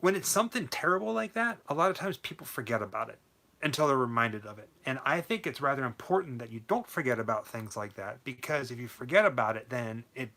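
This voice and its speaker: A man's voice: medium pitch, animated, fast, bright, forceful tone. A man co-hosting a live Q&A stream, speaking casually and earnestly, sometimes trailing off mid-thought.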